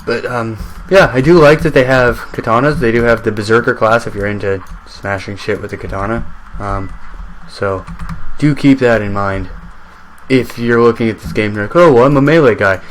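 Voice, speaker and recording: A man's voice: fairly low pitch, fairly even intonation, normal speed, a little hiss or hum. A man giving casual let's-play commentary on his own game, rambling and chatty, joking with the enemies as they come at him.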